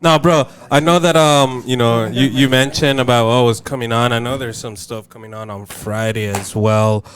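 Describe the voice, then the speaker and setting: Excitable slangy podcast host. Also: male voice, medium pitch, normal speed. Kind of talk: casual podcast chat.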